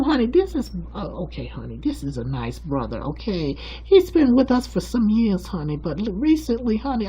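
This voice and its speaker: A man's voice: extremely high pitch, a little mellow, pitched above the performer's own voice, low-quality recording. A man voicing a sassy, bossy churchgoing sister who calls everyone honey, in a comedic character monologue. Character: sassy gossiping churchgoing sister, middle-aged woman.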